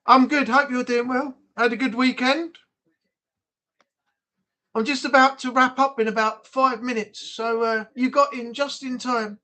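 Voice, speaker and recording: A man's voice: extremely high pitch, fairly even intonation, unhurried, pushed and bright. A man hosting a casual live-stream chat, frank and chatty, swearing freely.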